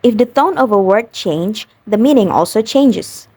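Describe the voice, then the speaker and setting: A young woman from Indonesia, a university student, narrating a prepared phonetics explanation in a careful, even reading voice. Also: mid-range voice, unhurried, breathy edge, no echo. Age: young adult. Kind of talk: scripted narration.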